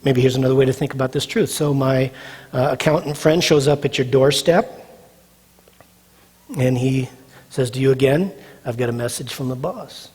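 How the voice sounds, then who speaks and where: A man's voice: medium pitch, moderate pace, long pauses, a little mellow, husky. A male pastor preaching a sermon, emphatic and repetitive, asking the audience questions and answering them himself. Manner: emphatic, repeats phrases, asks the audience questions. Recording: long hall reverb.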